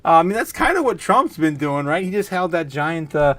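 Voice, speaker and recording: A man's voice: a little high, sing-song, brisk, a bit bright, no echo. Giggly man reading live chat. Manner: giggly, laughs often, reads chat aloud. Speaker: livestream host. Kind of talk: casual livestream chat reading comments.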